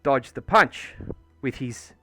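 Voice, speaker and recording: A man's voice: medium pitch, animated, slow pace, pushed and bright, dry recording, faint music behind. An Australian man livestreaming from home, chatting casually and rambling through a story with plenty of swearing and fillers. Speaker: livestreamer painting miniatures. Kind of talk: casual chat while painting on stream.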